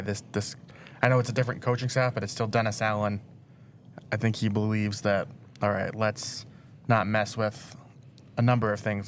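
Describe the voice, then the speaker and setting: A man working as a sports reporter, giving steady analysis in a casual podcast chat. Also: fairly low pitch, a little hiss or hum.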